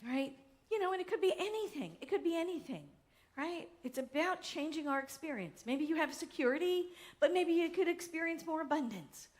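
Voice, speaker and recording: A woman's voice: very high voice, fairly quick. A woman minister preaching a sermon with emphatic energy, calling out to the congregation. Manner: animated, emphatic, calls on the congregation. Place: church sanctuary.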